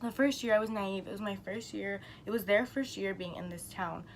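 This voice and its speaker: A young woman vlogger with a medium-pitched, mid-range voice tells a story briskly in a casual storytime vlog, recorded at low quality with a faint hiss behind her. She's a YouTuber who is chatty and rambling, uses "like" heavily, and swears casually.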